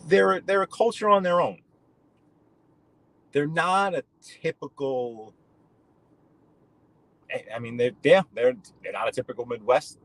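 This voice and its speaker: In his car, a New York live-stream host speaks in a slightly high voice, unhurried and pausing often, as he chats casually while driving. He rambles and greets viewers by name over a rough recording.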